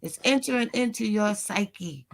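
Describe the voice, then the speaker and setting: A woman with a gravelly, fry-heavy voice making pointed, lecturing arguments in casual chat. Her pitch is medium for a woman. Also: lively intonation, measured pace. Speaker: podcast panelist.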